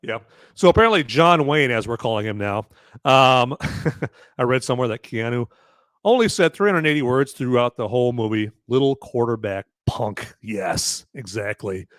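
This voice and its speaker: A man's voice: medium pitch, lively intonation, normal speed, a bit bright, no echo. A man hosting a live film-review podcast, chatting casually in a rambling, jokey way with some swearing. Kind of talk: casual live-stream chat.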